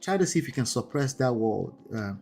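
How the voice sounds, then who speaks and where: Speaking in livestream talk with a non-native English accent, this man coaches marriages live and keeps asking "right?" and "okay?" in a conversational way. His medium-pitched voice swings widely in pitch, moves briskly, and carries vocal fry and a darkish tone. Soft music plays behind him.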